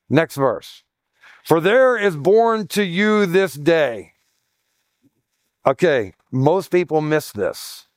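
Middle-aged male pastor, folksy and emphatic; slightly high-pitched, dry and close. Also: very animated, slow, no echo. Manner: emphatic, repeats points, folksy asides. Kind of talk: conversational sermon.

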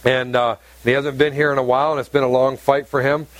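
A man's voice: mid-range voice, little pitch movement, fairly quick, no room sound. A man preaching a sermon to a congregation, emphatic and repetitive, often asking his listeners questions. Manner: emphatic, repeats phrases and asks the congregation questions. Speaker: pastor. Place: church hall with congregation.

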